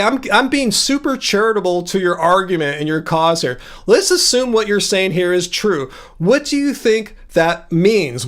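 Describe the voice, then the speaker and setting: A man's voice: high-pitched, a bit bright. A man hosting a livestream, confronting a commenter from chat and pressing him to make his point, speaking into a home desk mic. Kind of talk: casual live-stream debate.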